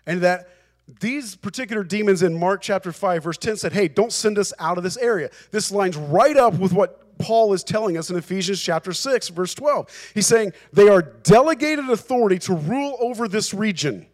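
A man's voice: high voice, lively intonation, moderate pace. A male pastor preaching a sermon, emphatic and repeating phrases for emphasis.

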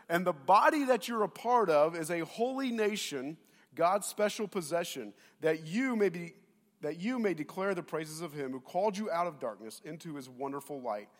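A man preaching a sermon to his congregation on a lapel mic, telling stories in an animated way and speaking straight to the people in front of him. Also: a little high. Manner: animated storytelling, addresses the congregation directly. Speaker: pastor. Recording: long reverb of a big hall.

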